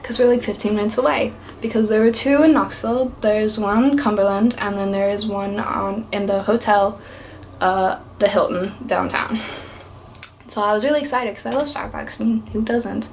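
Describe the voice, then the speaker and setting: A young woman from East Tennessee, USA, vlogs a rambling, chatty story to camera, using "like" heavily. Her voice is medium-pitched at a moderate pace, with slight background noise.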